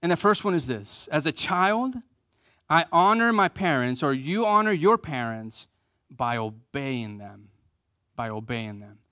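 A man's voice: fairly high pitch, very animated, unhurried, pushed and bright, dry recording, studio quality. A man preaching a sermon, stressing key phrases by repeating them and asking the congregation to answer back. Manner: emphatic, repeats key phrases, leads the congregation in call and response. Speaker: pastor.

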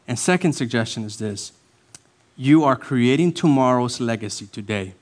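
Male pastor, sermon; emphatic, repeats key lines, loud-to-hushed swings. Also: mid-range voice, moderate pace. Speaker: lead pastor.

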